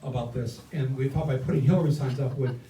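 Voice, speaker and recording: An older campaign guest speaker talks at a quick pace in a warm, medium-pitched voice. His indoor stump speech is impassioned and rousing, built on repeated phrases. The mic sits far off in an echoey room.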